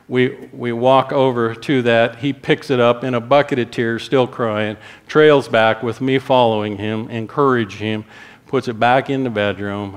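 Middle-aged male pastor telling a story. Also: medium pitch. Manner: animated storytelling, acting out his own stern quotes. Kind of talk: sermon with personal storytelling.

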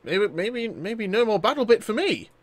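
A young gaming YouTuber with a high voice jokes around casually while playing a shooter, talking at normal speed with no echo. He gets excitable and often stammers over his words.

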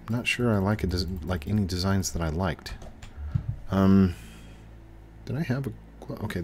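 A man's voice: on the low side, dark tone, a little hiss or hum. A young man hosting a casual game video, chatting in a rambling way and often trailing off and restarting. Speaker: gaming video host. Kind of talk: casual gameplay commentary.

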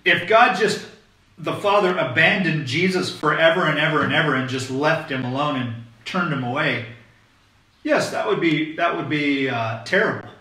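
A pastor preaching a sermon in a conversational, emphatic way, often checking in with "okay?", recorded from a distance in an echoey church hall. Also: male voice, fairly high pitch, moderate pace, bright, forceful tone.

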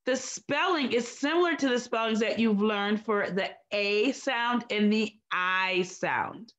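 A woman teaching a recorded phonics lesson to young children, slow, clear and encouraging. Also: a little high.

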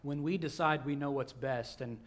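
A male pastor, preaching a sermon in a church with a conversational manner that swings between hushed and loud. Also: mid-range voice, moderate pace. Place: church sanctuary.

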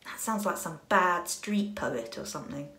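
An English woman talking casually to camera, chatty and rambling, with a self-mocking sense of humor and quick asides. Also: on the low side, expressive, sharp tone. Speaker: singer and vlogger. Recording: roomy echo.

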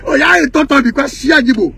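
A man's voice: very high voice, quick pace, creaky, bright, forceful tone. A man from Ghana with a Ghanaian Pidgin English accent, delivering a heated, mocking rant that slips into sing-song taunting chants. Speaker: music industry commentator.

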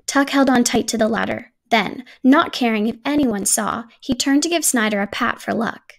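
Woman, children's storybook read-aloud, gentle, slightly high, vocal fry. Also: moderate pace, few pauses. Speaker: children's book reader.

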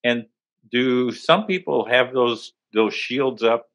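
A man hosting an interview, asking questions in a soft-spoken, relaxed way. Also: medium pitch, slow. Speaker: podcast host. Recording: dull lo-fi audio.

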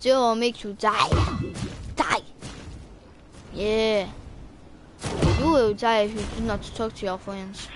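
A woman's voice: fairly high pitch, fairly even intonation, slow, pauses often. A woman putting on a rambling put-on African accent. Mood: bossy. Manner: commanding, rambling, silly. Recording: game music clearly behind.

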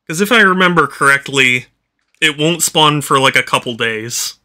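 A man's voice: fairly high pitch, normal speed, bright, forceful tone. A man doing casual live-stream commentary while playing a video game, tired and yawning, rambling with lots of fillers and restarts.

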